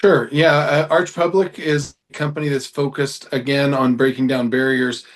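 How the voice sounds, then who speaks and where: A man's voice: mid-range voice, level tone, moderate pace. A man who founded a company, a guest in an interview, explaining his work with earnest passion. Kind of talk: casual interview chat.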